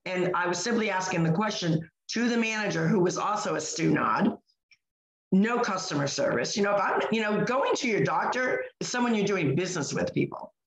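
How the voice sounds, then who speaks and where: A woman co-hosting a podcast tells an indignant story in casual chat, talking a little fast in an expressive, medium-pitched voice. Her speech is full of fillers and restarts, and the room is echoey.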